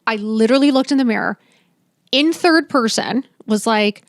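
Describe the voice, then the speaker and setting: A woman's voice: on the high side, moderate pace, no room sound, clean studio sound. A woman in her fifties, a podcast guest, telling her story candidly and bluntly, swearing freely and acting out what people said. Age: 50s. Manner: blunt, emphatic, swears freely, acts out dialogue.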